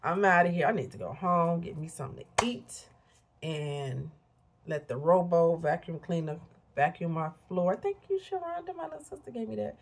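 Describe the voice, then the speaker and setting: A woman's voice: on the low side, animated, moderate pace, a little hiss or hum. A middle-aged woman giving earnest, preachy motivational talk straight to her viewers. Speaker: motivational vlogger. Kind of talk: casual motivational talk to camera.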